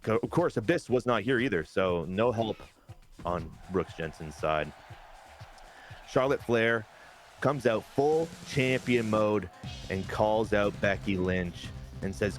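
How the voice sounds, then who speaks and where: A man giving a casual recap of his wrestling game league, excitable and swearing now and then. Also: on the low side, slow, faint music behind. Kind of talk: casual gameplay recap commentary.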